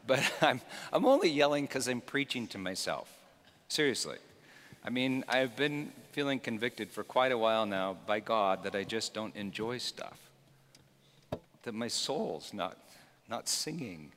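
A man preaching a sermon, swinging from loud emphatic shouts to quiet, hushed lines. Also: mid-range voice, in a large hall. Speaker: pastor.

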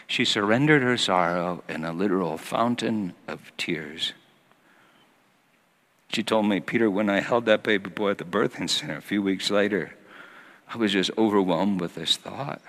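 A man preaching a sermon as pastor, telling a personal story and moving from hushed passages to loud acted quotes. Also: lowish voice. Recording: long hall reverb.

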